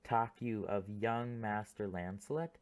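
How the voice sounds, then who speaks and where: A man's voice: fairly low pitch, steady tone, a little slow, close to an everyday voice. A man voicing a comic young clown servant, rambling through a monologue in an audiobook play reading.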